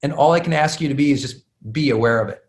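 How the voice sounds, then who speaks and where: A man's voice: on the high side, fast talker. Candid man teaching in an echoey room. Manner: candid, self-deprecating, many fillers and restarts. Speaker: class speaker. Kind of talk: live talk to an audience.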